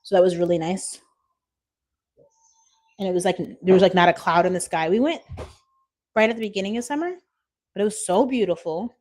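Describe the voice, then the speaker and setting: A woman's voice: lowish voice, a little fast, pauses often, darkish tone. Chatty woman streaming live from home. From Washington State, USA. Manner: chatty, reads out viewer comments, laughs often. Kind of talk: casual live-stream chat. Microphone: phone.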